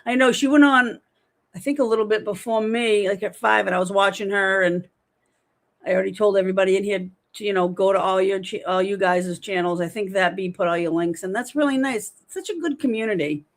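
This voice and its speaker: A woman's voice: medium pitch, brisk. Chatty woman hosting a livestream. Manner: chatty, rambling, animated storytelling. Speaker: livestream host. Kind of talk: casual livestream chat, reading comments.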